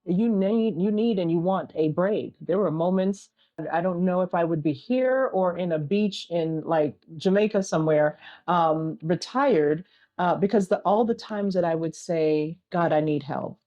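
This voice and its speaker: A woman's voice: lowish voice, unhurried, muffled recording. A middle-aged woman answering interview questions earnestly as an entrepreneur and single mother, often repeating a refrain and using analogies.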